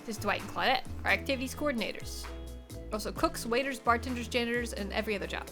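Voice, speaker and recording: A sly, theatrical narrator of a dark dating game, smug and quietly shady, voiced by a woman. The voice stays fairly high and dry, with faint music underneath. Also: fast talker, lightly acted.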